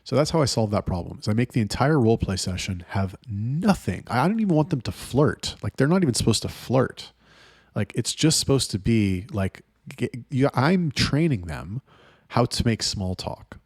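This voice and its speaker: A man's voice: mid-range voice, expressive, normal speed, a little mellow, breathy edge, no room sound, studio quality. A young adult man hosting a casual vlog, talking bluntly and profanely with a rambling flow. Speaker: host.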